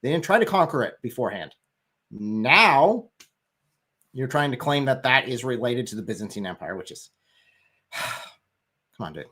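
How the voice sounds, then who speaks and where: A man's voice: medium pitch, big pitch swings, normal speed, long pauses, pushed and bright. A man making his case in a livestream discussion, emphatic and sarcastic at times.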